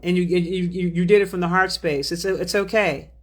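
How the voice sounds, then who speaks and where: Lady on a spiritual livestream, slow drawl, reading chat and thanking folks, calls everyone baby. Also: on the low side, fairly even intonation. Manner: drawling, affectionate, calls viewers baby and beloved. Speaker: spiritual healer hosting a livestream.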